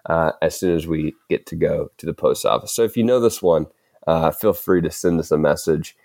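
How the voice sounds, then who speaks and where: Brief: male podcast host with a deep voice, easygoing and chuckly, dry booth sound. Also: a little fast, vocal fry, a little mellow, dry recording. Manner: laid-back, filler-heavy, chuckling. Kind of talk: casual podcast chat.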